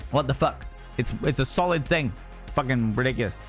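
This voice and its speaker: A man's voice: medium pitch, a little fast, soft background music. A young man streaming and chatting casually, rambling from topic to topic, swearing freely and greeting viewers by name. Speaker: streamer reading chat. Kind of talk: casual chat.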